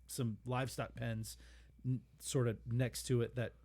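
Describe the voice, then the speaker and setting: A man's voice: mid-range voice, a little slow. A man co-hosting a comedy podcast, telling a history story in a casual, laughing way with goofy voices. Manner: animated, laughing, puts on silly voices. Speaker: podcast co-host.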